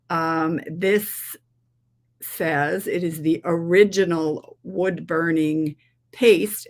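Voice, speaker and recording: Slow, low-voiced Southern-drawling woman. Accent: put-on Southern drawl. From New England. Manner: chatty, rambling, talks to viewers by name. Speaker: craft livestream host. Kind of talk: casual craft livestream demo.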